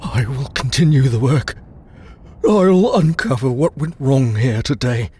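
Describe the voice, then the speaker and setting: A man voicing a raspy, shaken male temple guard, devoted and grim, in a dark fantasy story reading. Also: medium pitch, lively intonation, unhurried, pitched above the performer's own voice. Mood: grim resolve.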